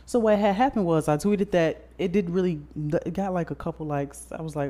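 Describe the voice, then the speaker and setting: A man's voice: high voice, brisk, mellow. A man co-hosting a podcast in a casual chat, telling a story bluntly with crude slang. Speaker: podcast co-host.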